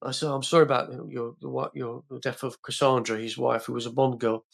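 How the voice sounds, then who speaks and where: A man's voice: medium pitch, flat delivery, fairly quick, vocal fry. An older man, a film actor guest on a podcast, telling rambling stories full of fillers and restarts. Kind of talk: casual interview storytelling.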